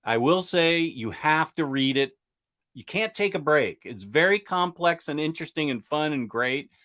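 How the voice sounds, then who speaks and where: Male comic book host, slightly high voice, eager and rambling, casual live chat. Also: lively intonation, moderate pace, bright, forceful tone. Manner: enthusiastic, rambling, reading out viewer comments.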